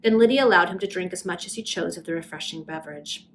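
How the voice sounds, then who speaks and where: A woman narrating a Victorian novel in a steady, expressive amateur reading. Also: on the low side, quick pace, a little hiss or hum. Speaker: reader.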